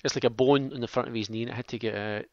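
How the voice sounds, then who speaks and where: A man's voice: mid-range voice, fairly even intonation, very fast, no room sound. A Scottish man co-hosting a casual podcast, rambling through stories and laughing easily. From Scotland. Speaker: podcast co-host. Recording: dull lo-fi sound.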